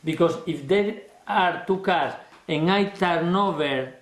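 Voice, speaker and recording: A man with teaching a card trick, explaining in a lively, expressive way and acting out his stage patter. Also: slow pace, echoey room. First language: not English. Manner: expressive, acts out his stage patter with big jumps in pitch. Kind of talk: explanatory lesson.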